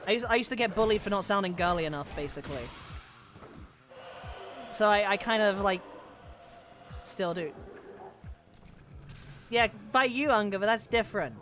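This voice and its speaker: While playing a game on stream, a woman chats casually, wandering off topic, swearing freely, and leaning on lots of fillers; she considers her voice androgynous. She speaks at a medium pitch and normal speed with long pauses, her tone a bit bright, and faint music plays in the background.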